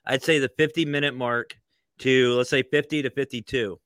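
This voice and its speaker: A man co-hosting a casual podcast, speaking haltingly and carefully, often repeating his words. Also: medium pitch, fairly even intonation, a bit bright, dry recording. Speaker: podcast co-host. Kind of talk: casual chat. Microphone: headphones and home mic.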